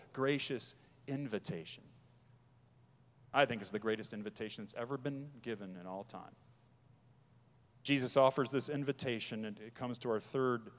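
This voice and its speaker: A man preaching a sermon as pastor, emphatic, pressing his points hard and then dropping his voice low. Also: in a large hall.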